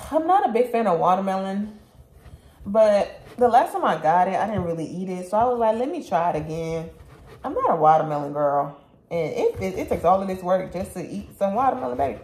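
A woman's voice: medium pitch, lively intonation, moderate pace, darkish tone, roomy sound, slight background noise. A woman vlogger chatting casually to her viewers, calling them y'all and baby. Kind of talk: casual chat to camera.

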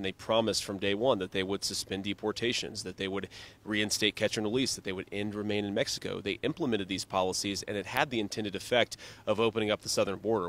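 A man's voice: on the low side, fairly bright tone. A middle-aged male politician answering a reporter's questions in a firm, insistent way. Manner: firm, insistent, repeats talking points. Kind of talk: news interview answers.

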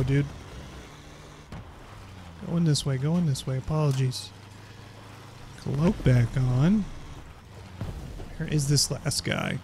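A man giving excitable, chatty commentary over his own gameplay, exclaiming often. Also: fairly high pitch, vocal fry, noisy background. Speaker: gaming YouTuber. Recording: game gunfire behind voice. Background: game gunfire and explosions.

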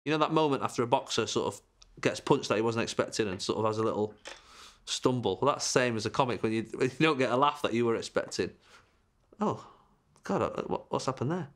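A man's voice: medium pitch, fast, fairly bright tone. A male comedian, wry and self-deprecating, telling an interview anecdote. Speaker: stand-up comedian.

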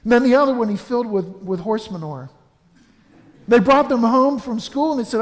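High-voiced man preaching in an echoing church. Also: lively intonation, moderate pace. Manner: earnest, anecdotal, frequent restarts. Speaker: funeral homilist. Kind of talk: funeral homily with storytelling. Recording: reverberant church.

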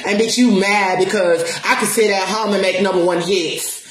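With a crowd audible behind her, a woman who works as a spiritual counselor and music promoter rants confrontationally into the camera, profane and defiant, driving her words home through repetition. Her mid-range voice keeps a fairly even intonation at a moderate pace, in a roomy, echoing space.

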